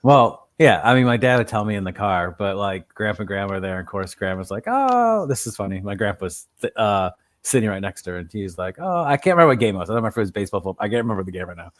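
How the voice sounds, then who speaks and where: A man co-hosting a casual podcast, telling anecdotes in a relaxed storytelling way. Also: on the low side, rapid-fire, no echo. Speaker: podcast co-host.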